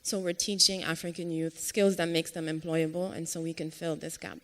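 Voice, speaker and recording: A woman answering as a panelist in a steady, matter-of-fact way. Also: low voice, moderate pace. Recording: long hall reverb.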